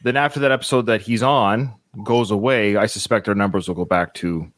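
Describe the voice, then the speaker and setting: A man's voice: fairly low pitch, fairly quick, a bit bright, no echo, studio quality. A man hosting a casual podcast, chatty and joking in a mock-emotional way. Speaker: podcast host.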